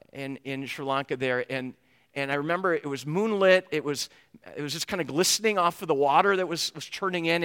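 A man from the United States preaching as a pastor, telling a story in a lively, animated way. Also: a little high, clean tone, big-room sound. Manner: animated storyteller who acts out the dialogue he retells. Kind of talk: storytelling sermon.

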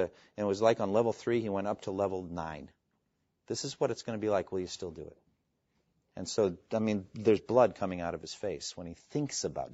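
A man preaching a sermon, earnest and emphatic, quoting scripture and pausing for effect. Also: medium pitch, a little mellow, no room sound. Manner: earnest, emphatic, with dramatic pauses and quoted scripture. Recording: dull lo-fi, dry sound.

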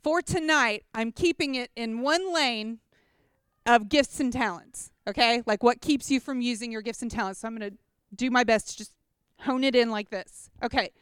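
Woman speaker, animated testimony-style teaching with props; high, crisp voice, dry close sound. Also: moderate pace, dry recording. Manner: chatty, animated storytelling with props; checks in with listeners often. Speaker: speaker at a church gathering.

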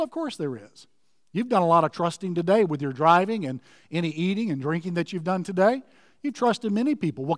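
A man preaching a sermon, earnestly telling a story and dropping to a hush at emotional moments. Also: sits high, dry recording, clean studio sound, in a large hall.

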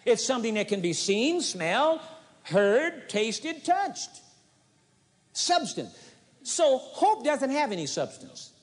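A man's voice: extremely high pitch, very animated, slow pace. A man preaching a sermon with emphasis, driving points home by repeating short phrases. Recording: long hall reverb, 1980s audio tape.

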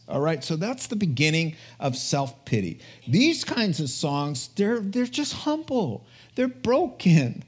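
Earnest, chatty preacher man, higher voice. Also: sing-song, slow pace, breathy edge. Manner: earnest, chatty, checks in with "right?". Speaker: pastor. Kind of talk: conversational sermon.

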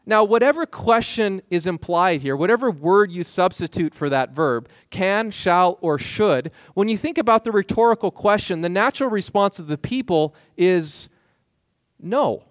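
Animated male pastor preaching, dry sound. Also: high voice, moderate pace, no echo. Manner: animated, acts out voices of biblical figures. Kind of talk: sermon.

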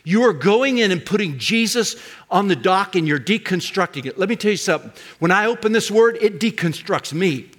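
Delivering a sermon, this older pastor has a bright, high voice and moves along fairly quickly with lively intonation. He presses his points emphatically, breaking into loud, ringing cries on key words.

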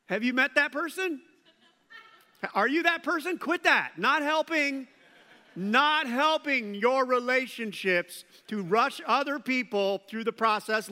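Man, pastor, sermon, high bright voice, reverberant hall. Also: measured pace. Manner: animated, acts out quoted voices.

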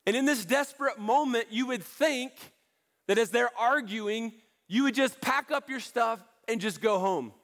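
A male pastor delivers a sermon with an earnest, pleading urgency. His voice sits high for a man, and he circles back to the same phrases again and again to press his point. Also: measured pace, fairly bright tone. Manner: earnest, pleading, repeats key phrases for emphasis.

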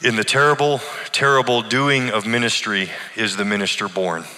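Earnest pastor telling a story in a hall. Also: male voice, on the low side, fairly even intonation, pushed and bright. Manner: earnest, deliberate, emotional storytelling. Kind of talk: sermon-like personal storytelling. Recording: long hall reverb.

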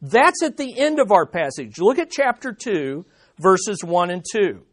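A man preaching a sermon as pastor, emphatic, repeating key phrases and slowing down on the main points. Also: high voice, big pitch swings, a bit bright. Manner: slows down on key statements.

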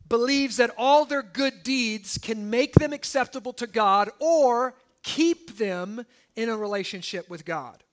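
High, bright-voiced pastor preaching animatedly. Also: male voice. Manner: animated storytelling, asides like "okay?". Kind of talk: sermon with personal stories. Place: church.

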